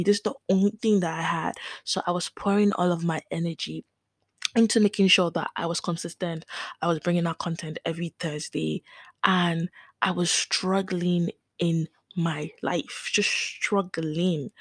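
A woman's voice: fairly low pitch, breathy edge, no echo. A woman in her twenties hosting a podcast, talking candidly and emotionally about a hard year, with frequent restarts. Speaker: podcast host. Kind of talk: reflective personal talk.

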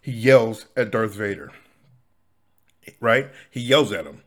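Male solo podcast host, lowish voice, rambling casual delivery full of "um"s and restarts. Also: expressive, takes it slowly. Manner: rambling, many fillers and restarts, chuckles.

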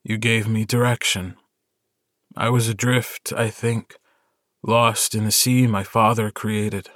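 A calm, earnest young werewolf alpha, voiced by a man reading an audiobook. He speaks low and unhurried, quietly firm and steady. The sound is dry and close to the mic. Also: dry recording.

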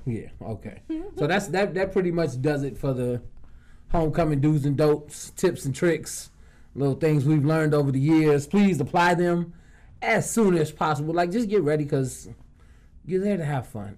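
A man's voice: a little high, animated, moderate pace, darkish tone. A man co-hosting a casual podcast, trading loose, slangy banter and slipping into playful voices. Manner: laid-back slangy banter, drifts into voices and accents. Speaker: podcast co-host. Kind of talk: casual chat.

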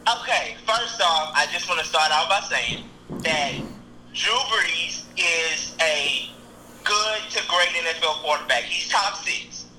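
A man joins a casual sports chat as a guest and pushes a strong opinion, leaning hard on each point. His voice is high and very sharp and bright. Faint noise sits behind him. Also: lively intonation, poor audio. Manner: opinionated, emphatic, drawn-out delivery.

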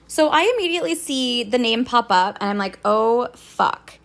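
A woman's voice: on the high side, brisk. Sweary, indignant young woman telling a story. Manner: swearing freely, indignant, animated retelling. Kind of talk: casual storytime vlog.

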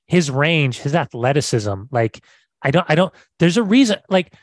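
A man's voice: on the high side, lively intonation, normal speed, dry recording. An American man co-hosting a soccer podcast in a casual, enthusiastic chat, often repeating words as he restarts. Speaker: podcast co-host.

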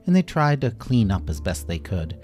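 Low, lively man telling a kids' story. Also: moderate pace, faint music behind. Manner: animated, acts out every character. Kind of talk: children's bedtime story narration.

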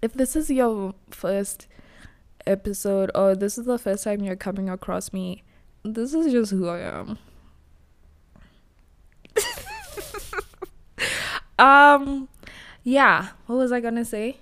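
A woman's voice: mid-range voice, slow pace, pauses often, a bit bright. A young woman hosting her own podcast from her new studio, chatting casually, laughing at herself and over-explaining. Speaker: podcast host. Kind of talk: casual solo podcast chat.

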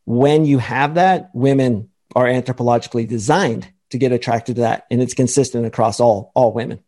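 A man's voice: mid-range voice, fairly even intonation, brisk, mellow. A man speaking as a podcast guest and dating coach, lecturing emphatically and acting out quoted voices. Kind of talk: confident explanatory talk.

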